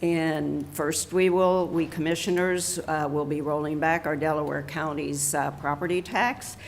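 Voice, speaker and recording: A woman presiding over a county hearing, reading each phrase slowly and deliberately, with a few fillers here and there. Her voice sits a bit low for a woman. There is a faint hiss of noise in a meeting room. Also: fairly even intonation. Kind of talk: formal public hearing.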